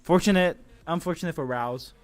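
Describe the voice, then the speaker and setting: A man casually commentating an esports match on his live stream, joking and swearing, with bursts of excited shouting. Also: a little high, brisk, dry recording, soft background music.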